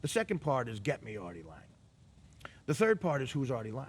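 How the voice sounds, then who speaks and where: A man doing an impression of an aloof, soft-spoken television producer, speaking slowly and deadpan. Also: mid-range voice, breathy edge, pitched below the performer's own voice. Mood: condescending. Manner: slow, hushed, deadpan delivery.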